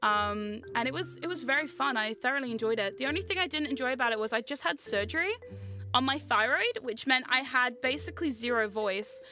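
A young woman with a New Zealand accent chatting on a livestream, chaotic and loud, laughing often and bursting into screams. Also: sits high, animated, fairly quick, soft background music. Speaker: VTuber streamer. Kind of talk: casual livestream chat.

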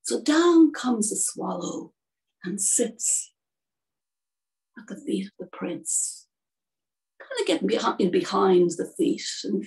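Woman telling a story, slow and gentle, creaky mellow voice, mic far off. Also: mid-range voice, sing-song. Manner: unhurried, gentle narration. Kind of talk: spoken storytelling. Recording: distant from the mic.

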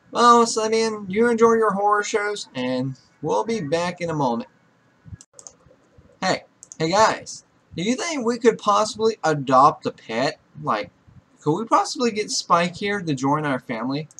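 A young man commenting on a life-sim game in a bright, lively voice that swings up and down as he scolds his characters. He swears constantly and sounds perpetually exasperated with them. His tone stays fairly high for a man. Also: slightly rough. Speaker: gaming YouTuber. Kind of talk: profane Let's Play commentary.

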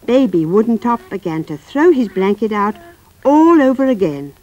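Woman storyteller for small children, gentle, coaxing, lively pitch. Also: normal speed, muffled recording. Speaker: narrator.

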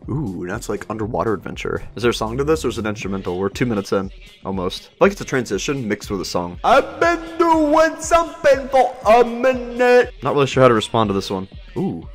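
A young man casually rambling and reacting to songs as a host, excitable and self-mocking. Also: lowish voice, fast talker. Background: faint song music playing.

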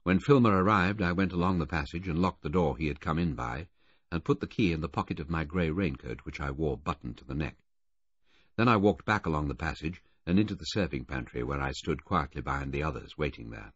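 Brief: male audiobook narrator, low and husky, expressive, dry lo-fi sound. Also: a little fast, no echo. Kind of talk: first-person scripted narration. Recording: dull, dry lo-fi audiobook recording.

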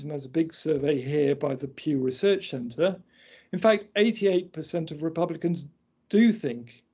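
Husky man giving a lecture. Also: a little high, mellow. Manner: explaining slides point by point, measured and precise. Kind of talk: academic lecture. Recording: dull lo-fi lecture recording.

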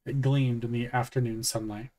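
A man reading a novel aloud in a calm, matter-of-fact first-person narration. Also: medium pitch, normal speed. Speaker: audiobook reader. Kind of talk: audiobook narration.

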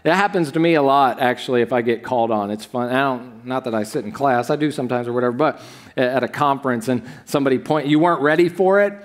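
A man's voice: medium pitch, quick pace. A man preaching a sermon from a church stage, talking conversationally with the congregation, full of asides and questions to them. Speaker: pastor.

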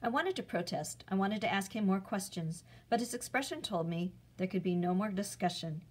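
A woman reads a chapter book aloud, steady and clear, at a middle pitch for a woman. She tells the story plainly as a teacher reading to her class. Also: normal speed, poor audio.

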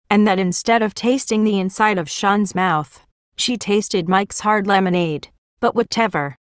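A woman reading a novel aloud as an audiobook narrator, in a steady, even manner. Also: medium pitch, no room sound, clean studio sound.

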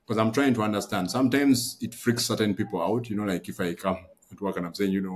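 Deep-voiced man hosting a podcast. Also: fairly even intonation, fast, few pauses, a little hiss or hum. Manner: reflective, thinks aloud with fillers. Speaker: podcast host. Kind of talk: casual conversation.

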